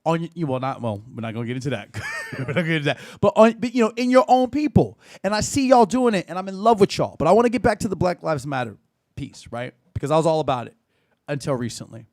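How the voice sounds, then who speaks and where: A man in his thirties hosting a live call-in show, chatty and animated, swearing and laughing often. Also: on the high side, fast, creaky, dry recording, studio quality. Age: 30s. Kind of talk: casual live-stream talk.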